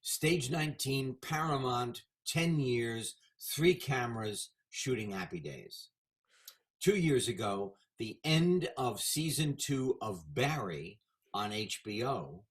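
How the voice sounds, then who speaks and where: A man in his seventies, a guest in a casual interview, telling animated stories about his career. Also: medium pitch, slow. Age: 70s. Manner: animated anecdotal storyteller.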